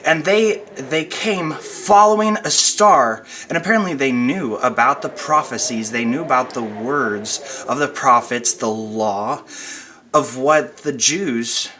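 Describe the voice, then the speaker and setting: Young man, bright tense voice, chatty devotional talk, fillers, recorded at home. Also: mid-range voice, slow pace, slight background noise. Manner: chatty, with fillers and light laughs. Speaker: pastor. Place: at home, wind outside.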